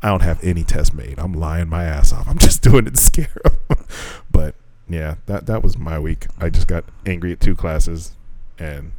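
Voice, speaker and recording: A man co-hosting a casual podcast chat, telling animated teaching stories, swearing freely and acting out quotes. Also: deep voice, moderate pace, slight background noise.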